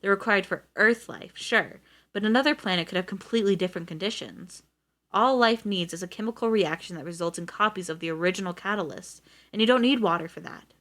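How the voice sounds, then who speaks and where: A woman's voice: mid-range voice, fairly quick, fairly bright tone, close to an everyday voice. A woman reading aloud as a defensive, sarcastic male schoolteacher with a sardonic, flustered way of talking.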